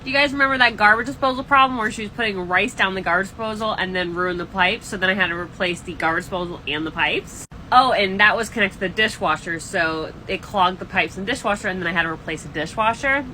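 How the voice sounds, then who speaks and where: Animated, bright-voiced woman vlogging. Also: medium pitch, quick pace, a little hiss or hum, low-quality recording. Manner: animated, exasperated, gossipy. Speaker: landlord vlogger. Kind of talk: casual storytime vlog.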